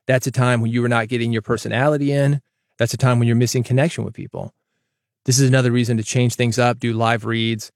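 With a medium-pitched voice touched by vocal fry, a man delivers a casual, emphatic solo monologue for his own podcast. He records on a studio microphone in a foam-treated closet, and there's no room sound.

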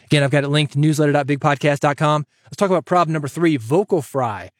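A man hosting a podcast, giving advice in an energetic, chatty way that jokes with the listener. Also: on the high side, fast talker, no echo, studio quality. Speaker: podcast host and coach.

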